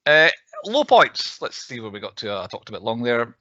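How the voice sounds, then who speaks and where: A man's voice: mid-range voice, big pitch swings, brisk, bright, forceful tone, no echo, dull audio. A young adult man co-hosting a podcast in casual chat, talking at length and laughing often. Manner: chatty, laughs often, acts out quotes. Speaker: podcast co-host.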